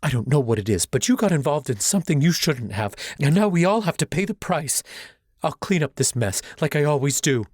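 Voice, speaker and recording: A man's voice: a little high, big pitch swings, a little slow, a little mellow, slightly rough, no echo, studio quality, pitched above the performer's own voice, full character voice. A man voicing a grieving middle-aged mother who speaks through tears, cold and accusing. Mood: hurt, bitter.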